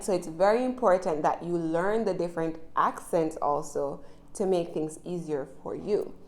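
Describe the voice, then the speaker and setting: A woman's voice: fairly low pitch, a little mellow. A woman with a Jamaican accent teaching English in a chatty, encouraging way, often checking in with the listener. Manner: chatty, encouraging, frequent tag questions. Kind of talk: casual spoken lesson.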